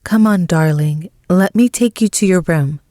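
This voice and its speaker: A woman's voice: fairly low pitch, normal speed, no room sound, clean studio sound, natural voice. A woman voicing a soothing motherly pack elder. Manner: soothing, gently coaxing.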